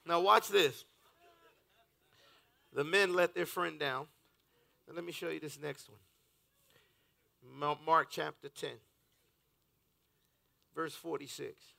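A man's voice: fairly high pitch, fairly even intonation, takes it slowly, gravelly, long pauses, sharp tone. A man preaching a fervent, rhythmic sermon in church, reading scripture aloud as pastor.

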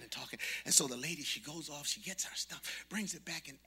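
A man preaching a storytelling sermon, swinging from muttered asides to shouted preaching and acting out the voices of people in his story. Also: a little high, brisk, hardly any pauses.

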